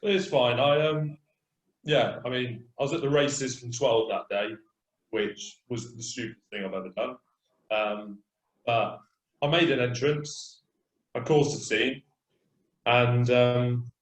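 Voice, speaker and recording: A man with an English Midlands accent, a podcast guest telling stories in a casual, animated way with frequent laughter. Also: mid-range voice. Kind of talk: casual storytelling. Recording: roomy echo.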